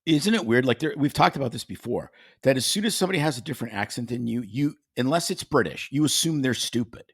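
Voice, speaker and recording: Animated swearing podcast co-host man. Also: mid-range voice, quick pace, husky, dry recording, studio quality. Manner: animated, swears freely, does mock accents. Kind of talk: casual chat.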